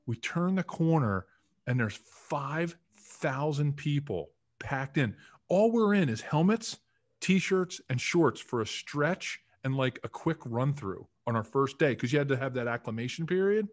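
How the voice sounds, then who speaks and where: A man's voice: fairly high pitch, a little slow, no room sound. A man in his fifties from the Philadelphia area, a former football lineman chatting as a podcast guest, telling stories with lots of acted-out quotes and fillers. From Philadelphia area, United States. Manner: chatty, animated storyteller acting out quotes. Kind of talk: casual storytelling interview.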